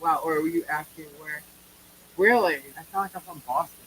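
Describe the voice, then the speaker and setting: A woman's voice: sits low, expressive, moderate pace, fairly bright tone, poor audio. Woman, New York accent, live co-host; blunt and opinionated, casual cursing, light background noise. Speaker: livestream co-host. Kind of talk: casual live chat reacting to viewers.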